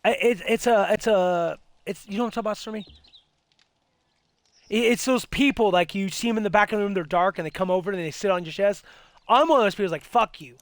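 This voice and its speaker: High-voiced man rambling a ghost story. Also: fast talker, dry recording. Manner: rambling, lots of fillers and restarts. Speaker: host. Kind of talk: casual ghost story chat.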